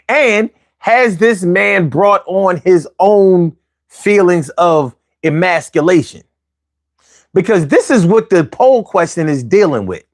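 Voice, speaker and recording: A man's voice: sits high, dry recording, clean studio sound. A man hosting a casual talk show for viewers, speaking conversationally, asking rhetorical questions and repeating phrases for emphasis. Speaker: vlog host.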